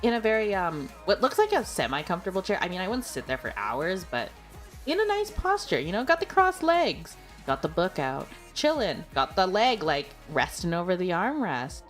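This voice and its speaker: This is a giggly woman streamer in casual conversation with viewers, her fairly low voice moving in a sing-song way at a normal speed. Soft music plays behind her as she fills her talk with "like" and "you know."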